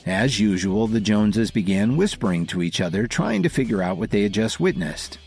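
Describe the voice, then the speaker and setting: Expressive, husky male story narrator. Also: on the low side, moderate pace, soft background music. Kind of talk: scripted audio drama narration.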